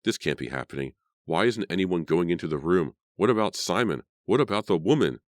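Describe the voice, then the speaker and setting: Frantic teen girl put on by a man, loud and pleading, dry close sound. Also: low voice, animated, a little fast, dry recording. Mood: frightened. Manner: pleading, screaming. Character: frightened teenage girl.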